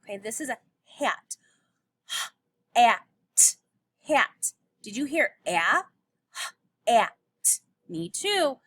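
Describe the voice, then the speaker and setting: A woman's voice: high voice, big pitch swings, a little slow, pushed and bright, husky, dry recording, clean studio sound. A woman teacher giving a recorded phonics lesson to young children, patiently sounding out letters and words.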